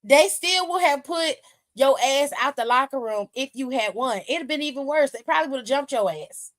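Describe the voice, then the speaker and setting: Woman w a high voice doing a casual stream, cussing n telling it straight. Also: normal speed, low-quality recording. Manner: animated, profane, blunt storytelling. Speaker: stream co-host. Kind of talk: casual wrestling chat.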